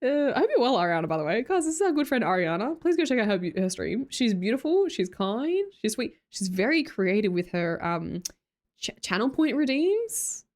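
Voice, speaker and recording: A woman's voice: fairly high pitch, very animated, moderate pace, darkish tone. A young Australian woman chatting casually on a live stream, greeting chatters and laughing often. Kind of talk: casual live-stream chat, reading chat aloud.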